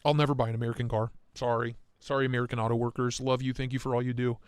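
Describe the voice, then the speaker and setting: A man hosting a casual live stream, talking in excitable, profane, rambling rants. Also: medium pitch, very fast, smooth, no echo. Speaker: livestream host.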